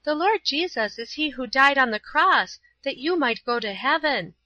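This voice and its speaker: A woman reading a storybook, voicing a kind, pious young woman who speaks earnestly and pleads gently. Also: sits high, animated, normal speed, no room sound, dull audio, pitched above the performer's own voice. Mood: earnest, pleading.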